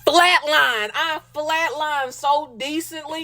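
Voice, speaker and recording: A woman's voice: a little high, a little slow. Sassy Southern woman dishing commentary. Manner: animated and sassy, addresses listeners as baby and y'all. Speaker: podcast host. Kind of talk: casual commentary.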